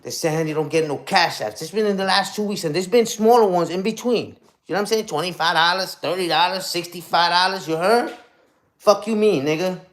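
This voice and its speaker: A man's voice: high-pitched, brisk, fairly bright tone. A young man ranting on a casual livestream, profane and combative, ending lines with "you heard?". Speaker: streamer.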